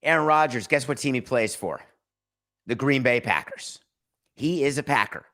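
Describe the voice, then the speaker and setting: A man's voice: mid-range voice, normal speed, sharp tone. A man hosting a podcast, giving emphatic and sarcastic opinionated sports talk. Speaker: podcast host.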